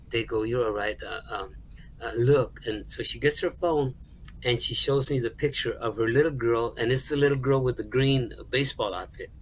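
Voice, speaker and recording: A middle-aged man speaks at an average pitch, telling a personal story as an interview guest. He is earnest and halting, stumbles over repeated words and slips into the voices of the people he quotes. A faint low rumble sits underneath his voice. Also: poor audio. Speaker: guest songwriter and music store manager.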